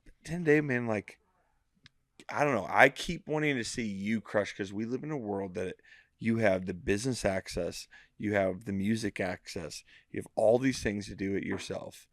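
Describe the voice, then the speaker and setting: Animated swearing podcast co-host, man. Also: lowish voice, moderate pace, no room sound, clean studio sound. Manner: animated, swears freely, acts out his own thoughts. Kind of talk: casual chat.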